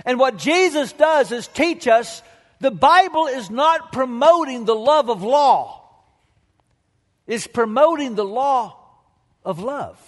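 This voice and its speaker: A male pastor preaching a sermon with emphatic delivery and dramatic pauses, telling stories to the congregation. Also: extremely high pitch, expressive, long reverb tail.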